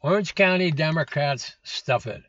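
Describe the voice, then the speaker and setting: A man's voice: fairly high pitch, animated, normal speed, a bit bright. A man in his seventies hosting a political commentary show, blunt and scornful, with lots of "uh" fillers. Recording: dull lo-fi dry recording.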